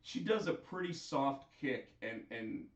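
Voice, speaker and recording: A man hosting a casual wrestling chat on a live stream, chatty and animated as he tells what happened. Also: mid-range voice, measured pace. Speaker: host. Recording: echoey, distant, dull sound.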